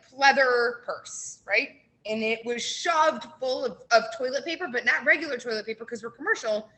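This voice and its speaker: A brewery guest on a radio show, a woman, tells an animated anecdote in a bright, sharp, high voice that jumps up and down. She's a lively storyteller who leans heavily on "like" and acts out what people said, though the studio audio is poor.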